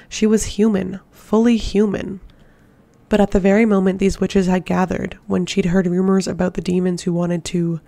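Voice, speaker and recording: Woman audiobook narrator, steady and level, dark gravelly tone. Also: fairly low pitch. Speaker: audiobook reader.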